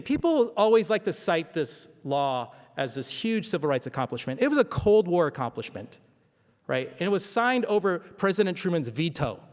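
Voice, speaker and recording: A man giving a conversational history lecture at a symposium, often asking the audience rhetorical questions. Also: fairly high pitch. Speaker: symposium speaker. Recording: long hall reverb.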